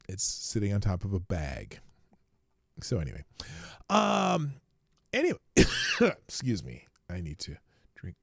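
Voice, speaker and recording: A man hosting his own livestream show, rambling casually from a home studio, talking softly and laughing at his own asides. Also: lowish voice, gravelly, no echo.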